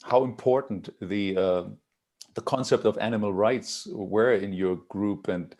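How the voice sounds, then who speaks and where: A man's voice: on the low side, a little slow, a little mellow. A man asking questions in a casual interview, hesitant and searching for words.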